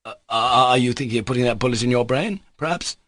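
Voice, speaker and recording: A man's voice: medium pitch, fairly quick, a bit bright, no echo, clean studio sound, pitched above the performer's own voice, natural voice. A man voicing a wary, sensible young official in an audiobook reading, questioning and reproachful.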